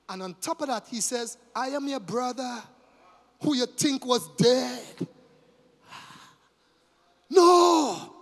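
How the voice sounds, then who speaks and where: Man, preacher, very high voice, dramatic sermon storytelling, hushed to shouting, long church reverb.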